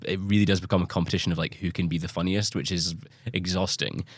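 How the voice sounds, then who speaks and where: A man's voice: low voice, flat delivery, fast talker. A man, a podcast guest telling cheeky, jokey stories in casual chat.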